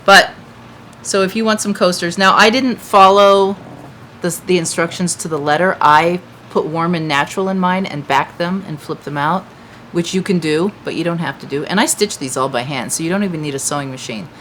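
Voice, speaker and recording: A woman's voice: on the low side, moderate pace, fairly bright tone, a little hiss or hum, low-quality recording. A woman hosting a casual chat to viewers from a patio, talking in a chatty, rambling way with many fillers. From United States. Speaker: craft shop host. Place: outdoor patio.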